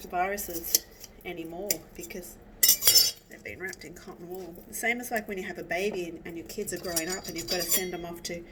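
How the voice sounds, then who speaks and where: A woman's voice: lowish voice, fairly even intonation, brisk, heavy background noise. A woman rambling chattily while she cooks, teary and sniffly from cutting onions. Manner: chatty, rambling, self-interrupting. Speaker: vlogger cooking at home. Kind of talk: casual chat while cooking. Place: home kitchen. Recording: distant mic with loud kitchen clatter. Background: cutlery and dishes clattering.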